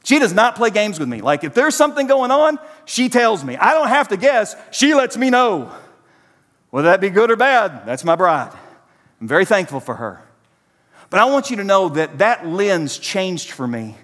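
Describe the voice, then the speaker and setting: Animated preacher in echoing church. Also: male voice, high-pitched, normal speed. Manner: animated, preacherly, addresses congregation directly. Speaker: pastor. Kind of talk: sermon.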